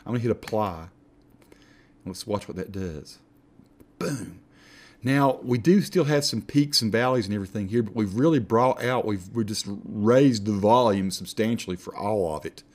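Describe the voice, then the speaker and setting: A man giving a casual screen-recorded software tutorial, chatty and self-correcting as he clicks through menus. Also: on the low side, normal speed. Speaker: software instructor.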